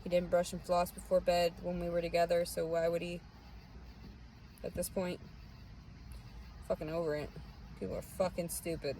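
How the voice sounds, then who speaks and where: A woman's voice: on the low side, flat delivery, normal speed, long pauses, dark tone, slight background noise, rough recording. A young woman, venting bitterly and profanely in a rambling personal monologue. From Southern US. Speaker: vlogger.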